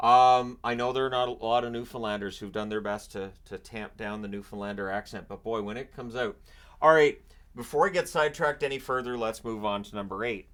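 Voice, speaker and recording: Medium-pitched and a little fast, this man's smooth, slightly bright voice carries his loose run through picks on his own hockey channel. He's at home with a washer running close by, and he keeps dropping in jokey asides.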